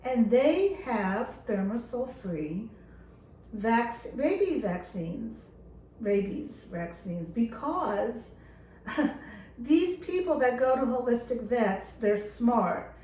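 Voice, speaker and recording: A woman's voice: a little high, expressive, slow pace, dark tone, echoey room. A middle-aged woman talking to camera in an earnest, impassioned way, leaning hard on key words. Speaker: dog care vlogger. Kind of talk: casual talk to camera. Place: lake house, indoors.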